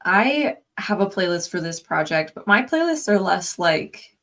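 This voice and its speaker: Woman, co-host, casual chat, easygoing, mid pitch, steers the talk. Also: big pitch swings, unhurried, a bit bright. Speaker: co-host of a writing stream.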